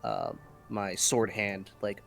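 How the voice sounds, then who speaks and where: A man's voice: lowish voice, wildly swooping pitch, slow pace, creaky, a bit bright, soft background music. A man playing a tabletop game in a casual style, describing his actions with fillers and laughing easily. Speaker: player.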